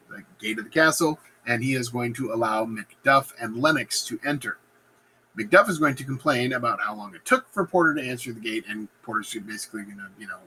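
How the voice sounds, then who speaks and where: A man explains a play to his class in a loose, slangy way, jumping into voices for the characters. His voice is bright and very lively. Faint ambience sits behind him. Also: medium pitch, a little hiss or hum, rough recording. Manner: animated, slangy, acts out quotes in funny voices. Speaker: teacher. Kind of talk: casual lesson retelling a play.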